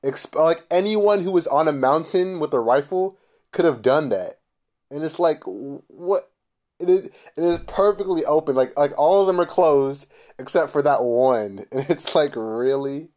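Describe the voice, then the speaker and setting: A man's voice: fairly high pitch, lively intonation, normal speed, a little mellow. A man hosting a casual podcast chat, incredulous and teasing, often laughing. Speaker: podcast host.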